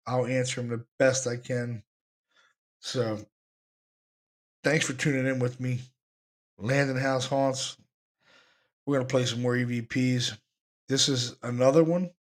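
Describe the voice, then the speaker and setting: A man hosting a podcast, talking excitedly about the recordings he plays and repeating himself as he goes. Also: mid-range voice, a little slow, long pauses. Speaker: podcast host, paranormal investigator.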